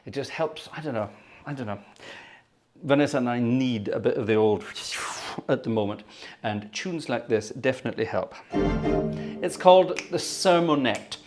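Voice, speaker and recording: A man's voice: medium pitch, moderate pace. A man hosting a live organ-music stream, chatting cheerfully and thanking viewers by name between tunes. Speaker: livestream organist and host.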